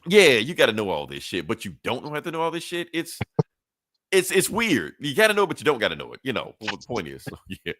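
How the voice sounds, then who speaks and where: A man's voice: medium pitch, huge pitch swings, fast, bright, forceful tone, no echo, clean studio sound. A man co-hosting a podcast in a loose, profane, rambling way, full of fillers. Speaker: podcast co-host. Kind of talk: casual chat.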